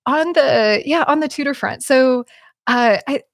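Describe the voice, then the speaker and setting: A woman talking casually as a podcast guest, animated, with many fillers and restarts. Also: high voice, measured pace, no echo, studio quality. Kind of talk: casual conversation.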